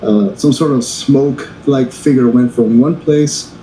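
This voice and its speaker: A podcast co-host with a warm, mid-range voice chats casually, halting often with restarts and fillers. The room echoes and there's faint background noise.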